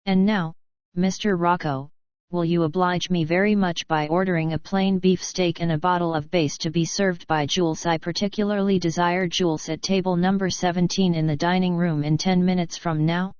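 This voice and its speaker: Woman reading as a brisk American millionaire. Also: on the low side, steady tone, darkish tone, smooth, no echo, muffled recording, close to an everyday voice. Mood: decisive. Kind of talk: audiobook narration.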